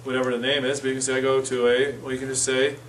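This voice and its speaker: A man teaching phrases to a class in a relaxed, chatty way, often correcting himself as he goes. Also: medium pitch, racing. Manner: casual, self-correcting, repeats phrases for the class. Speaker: church Spanish class teacher. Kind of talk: informal classroom lesson. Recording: distant mic with faint room noise.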